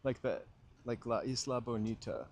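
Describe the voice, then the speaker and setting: A man's voice: mid-range voice, lively intonation, normal speed, gravelly. A man hosting a walking livestream, chatting and joking in a rambling way outdoors on a city street, with a small mic clipped to his hat brim. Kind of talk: casual chat while walking.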